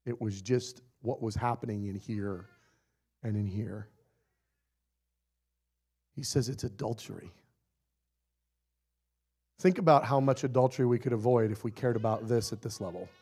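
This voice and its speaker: A man preaching a sermon in a playful, animated way, acting out little scenes and laughing often. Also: lowish voice, moderate pace, pauses often, slightly rough.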